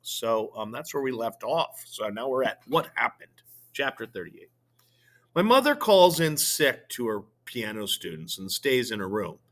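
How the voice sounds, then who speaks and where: A male teacher reading a novel aloud to his students, slowly and expressively, with filler words. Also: medium pitch, very animated, fairly bright tone.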